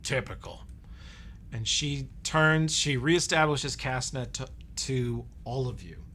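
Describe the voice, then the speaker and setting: A man's voice: medium pitch, expressive, slow, pushed and bright, a little hiss or hum. A man narrating as game master of a tabletop game, describing the scene in vivid detail.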